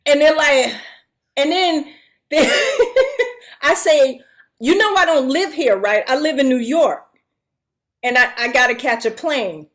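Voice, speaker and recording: Middle-aged woman, high voice, animated storyteller, laughs a lot and does everyone's voices. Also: takes it slowly, pauses often. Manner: animated, acts out quoted voices, laughs often. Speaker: guest actress. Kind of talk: casual storytelling.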